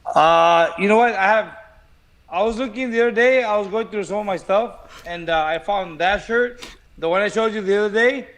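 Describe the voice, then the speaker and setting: A man's voice: high-pitched, normal speed, fairly bright tone. A man who is a former boxing champion, chatting casually on a podcast, laughing and stammering as he repeats himself. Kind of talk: casual joking podcast chat. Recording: faint noise with clicks.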